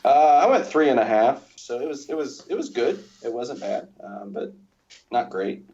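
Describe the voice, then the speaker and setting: A man from Central Kentucky joining a movie podcast as guest, halting with restarts. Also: medium pitch, big pitch swings, darkish tone, a little hiss or hum. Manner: halting, restarts, laughs at others. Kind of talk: casual movie discussion. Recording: dull lo-fi audio.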